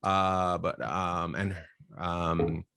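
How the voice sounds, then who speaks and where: A man's voice: low voice, level tone, very slow, creaky, bright, forceful tone, clean tone, no room sound, studio quality. A man from Canada, a comedian guest telling rambling stories and laughing often in a casual podcast chat.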